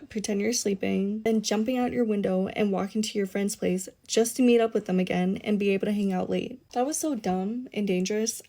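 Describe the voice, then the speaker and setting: A woman's voice: medium pitch, dark tone. A woman from Minnesota telling a casual storytime in a wry, conversational way.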